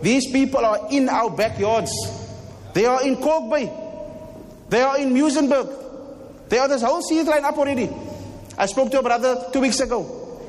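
A man's voice: very high-pitched, moderate pace, pauses often. A man with a South African accent delivering a Friday sermon in a mosque, impassioned and repeating rhetorical questions. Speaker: mosque preacher. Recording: long hall reverb.

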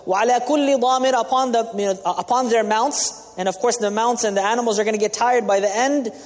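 Imam, male, high voice, teaching sermon with Arabic glosses, long hall reverb. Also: steady tone, fast. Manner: explains Arabic terms with English glosses, asks the audience questions. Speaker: imam giving a talk.

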